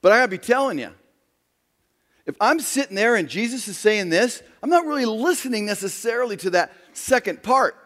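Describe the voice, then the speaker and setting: A male pastor delivering a sermon in a high, very lively voice that rises to loud emphasis and drops to a hush. His words ring with the long reverb of a large church hall. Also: fairly quick. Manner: dramatic, swings from loud emphasis to hushed near-whispers.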